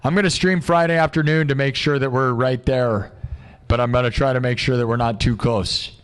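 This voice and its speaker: A young man hosting a livestream, chatting casually and excitably, full of "dude" and "like", and rattling off supporters' names. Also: mid-range voice, smooth. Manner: excitable, loose, peppered with "dude" and "like"; reads out supporters' names in a quick list. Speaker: livestream host. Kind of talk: casual rambling livestream chat.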